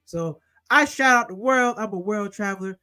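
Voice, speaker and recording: A young man hosting a casual livestream, eagerly shouting out viewers and their cities and plugging his channels. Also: sits high, moderate pace, clear, resonant tone, faint music behind. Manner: hyped, repetitive shout-outs to viewers. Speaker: livestream host.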